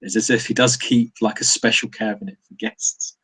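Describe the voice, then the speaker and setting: A man's voice: on the low side, level tone, normal speed, fairly bright tone, a little hiss or hum, low-quality recording. A man narrating a tabletop role-playing game as game master, with many fillers and restarts. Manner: hesitant, many fillers and restarts, laughs often.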